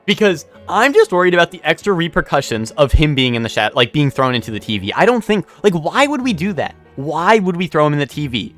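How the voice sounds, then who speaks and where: A man's voice: fairly high pitch, big pitch swings, brisk, few pauses, fairly bright tone, soft background music. A man streaming a video game, rambling in casual commentary, swearing often and repeating himself.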